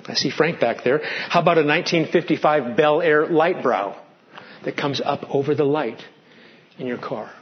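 Male pastor, sermon, fairly high voice, animated, loud then hushed, muffled lo-fi sound. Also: moderate pace. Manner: asks the congregation questions.

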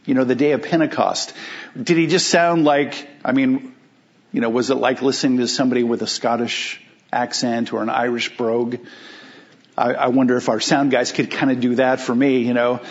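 A man preaching a sermon as pastor, emphatic, asking rhetorical questions and slowing down on key phrases. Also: mid-range voice, dull audio.

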